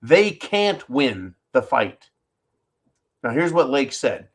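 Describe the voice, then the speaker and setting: A man's voice: mid-range voice, big pitch swings, slow pace, slightly rough. A man hosting a solo commentary show, talking in an indignant, emphatic way and repeating words when stirred up. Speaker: political commentary host.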